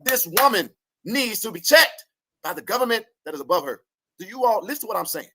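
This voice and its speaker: There's background noise behind this online commentator, whose high-pitched voice moves at a brisk clip. He's fired up and animated, cussing and frequently laughing as he rants to his viewers.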